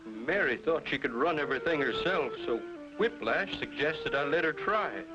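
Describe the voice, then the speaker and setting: A man's voice: on the high side, animated, normal speed, music in the background, lightly acted. An actor playing a worried middle-aged male rancher and father in a 1950s cartoon. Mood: distraught. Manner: anxious, pleading. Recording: dull lo-fi old cartoon soundtrack.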